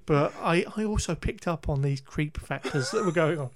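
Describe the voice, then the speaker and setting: A man's voice: fairly high pitch, moderate pace, dry recording. Chatty man recapping a film. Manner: rambling, self-correcting, laughs often. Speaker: podcast co-host recapping a film. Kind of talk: casual chat.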